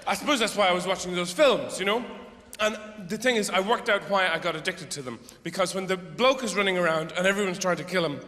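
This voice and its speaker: Un humoriste d'âge mûr, voix assez aiguë, ton exaspéré et décousu, dans une salle réverbérante pleine de bruit. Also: male voice, high-pitched, quick pace, hardly any pauses, sharp tone. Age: middle-aged. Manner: rambling, profane, exasperated. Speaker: stand-up comedian. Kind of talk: live stand-up comedy. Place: theatre stage. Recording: echoey hall with crowd noise.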